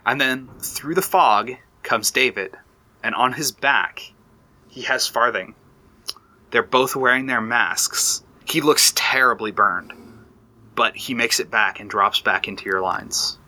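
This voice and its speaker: A game master narrates a tabletop war campaign with a strikingly bright, tense timbre. He describes each scene in a loose, chatty way, often restarting his sentences. His pitch sits mid-range for a man. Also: slow.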